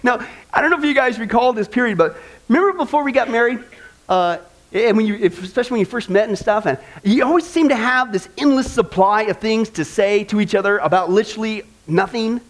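A man's voice: high-pitched, expressive, fairly quick. A man preaching a sermon on marriage, earnest and conversational, speaking straight to the congregation with touches of humor. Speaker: pastor.

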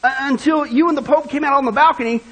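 A man's voice: extremely high pitch, quick pace, a bit bright, pitched above the performer's own voice. A man voicing a doubtful, fed-up male boss who stammers. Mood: skeptical.

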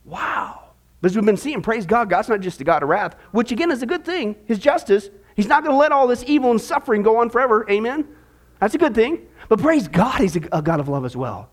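Guy pastor with a really high voice preaching, jokey and animated, chats with the crowd. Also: fast. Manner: animated, jokey, talks to the congregation. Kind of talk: sermon with a told joke.

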